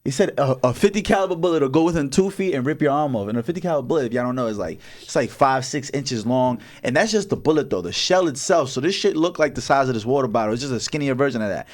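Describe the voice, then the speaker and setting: Young man, podcast co-host, quick talker, casual and profane, laughs often. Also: medium pitch. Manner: fast, animated, profane storytelling with frequent laughs. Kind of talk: casual chat.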